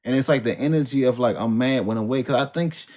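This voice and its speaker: A man's voice: mid-range voice, very fast, a little mellow. A man telling a personal story in a casual, rambling way, full of slang, restarts and trailing sentences.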